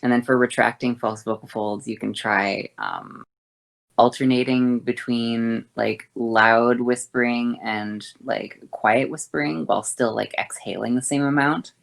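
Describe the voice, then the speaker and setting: A woman voice teacher explaining vocal exercises in a halting way, with many fillers and self-corrections. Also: very deep voice, animated, gravelly.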